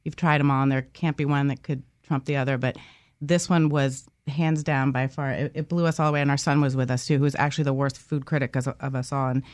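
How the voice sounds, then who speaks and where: A woman's voice: rumbling low, steady tone, quick pace, a little mellow, dry recording. Woman guest telling stories, dry sound.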